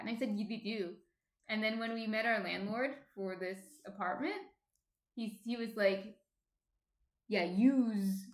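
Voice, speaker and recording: Chatty New Jersey woman in a roomy room. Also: medium pitch. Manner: chatty, laughs often, reads out chat messages. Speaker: stream host, baker. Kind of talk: casual live-stream chat. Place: home apartment. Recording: roomy echo.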